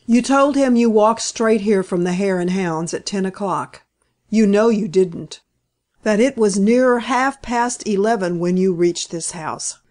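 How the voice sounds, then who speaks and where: A woman reading an audiobook and voicing a mild-mannered male detective with a calm, measured delivery. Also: medium pitch, lightly acted. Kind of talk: audiobook character voice.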